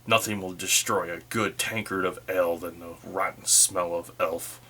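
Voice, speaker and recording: A man voicing a surly male dwarf in a tavern who talks in a gruff, dismissive way during a solo tabletop game. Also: deep voice, fairly even intonation, moderate pace, bright, forceful tone, slight background noise. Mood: scornful.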